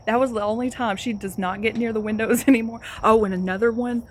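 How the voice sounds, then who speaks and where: A young woman with a high, bright voice and a drawl tells a story about her dog in loose, casual chat. She keeps breaking into laughter as she talks, over a faint hiss of background noise. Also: fairly even intonation, fast. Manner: laughing often through the story.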